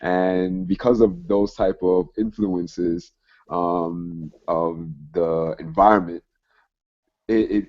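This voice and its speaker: Deep-voiced man hosting a call. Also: a little mellow. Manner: halting, with frequent fillers and restarts. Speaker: host. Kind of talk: conference call interview. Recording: muffled call audio.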